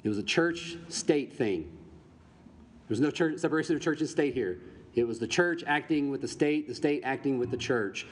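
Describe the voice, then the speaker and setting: Teaching from the Bible, a male pastor poses rhetorical questions to his congregation in a husky, expressive, medium-pitched voice at normal speed. Long reverb and faint background noise are audible in the recording.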